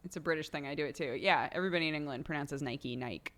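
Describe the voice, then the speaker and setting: A young woman with a slightly low voice hosts a livestream in a loose, chatty way. She fills her sentences with "like" and keeps laughing between thoughts. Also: rapid-fire, fairly bright tone. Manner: chatty, laughs often, heavy use of "like". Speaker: livestream host. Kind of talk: casual chat.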